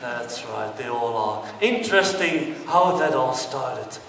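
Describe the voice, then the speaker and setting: A man's voice: medium pitch, lively intonation, slow pace, fairly bright tone, a little hiss or hum. Man doing stand-up in an echoey hall. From Britain. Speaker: stand-up comedian. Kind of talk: stand-up comedy monologue on stage. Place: theatre stage before an audience. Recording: distant, echoey hall with long reverb.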